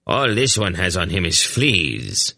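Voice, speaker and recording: A man putting on a rough, grumbling male fur trader, indignant and coarse. Close, dry audiobook reading. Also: deep voice, big pitch swings, slow pace, pushed and bright, no echo, full character voice.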